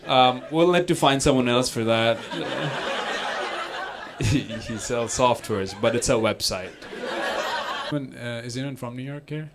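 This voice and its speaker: A man's voice: medium pitch, slow pace, background noise. A man doing stand-up crowd work, teasing audience members and laughing often. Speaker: stand-up comedian. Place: comedy venue stage. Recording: loud crowd in a live venue.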